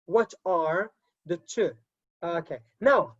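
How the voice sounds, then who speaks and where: A woman's voice: medium pitch, lively intonation, unhurried, breathy edge, dull audio. A woman teacher trainer giving an online class lecture, repeating key words and checking in with frequent okays.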